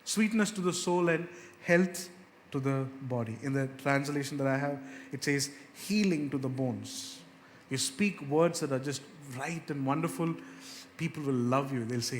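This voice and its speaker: A male pastor preaching a sermon earnestly, rising and slowing as he quotes scripture. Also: a little hiss or hum. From India. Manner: earnest, rises in pitch and slows down on scripture verses. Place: church hall. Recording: long reverb of a church hall, faint ambience.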